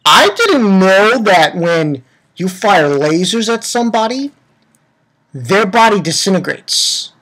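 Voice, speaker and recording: A young man rambles through an anime recap with a bright, animated voice that leaps up and down in pitch. He curses often and trips over his own sentences as he goes. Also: takes it slowly. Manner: rambling, profane, many restarts. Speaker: anime reviewer. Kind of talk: casual episode recap.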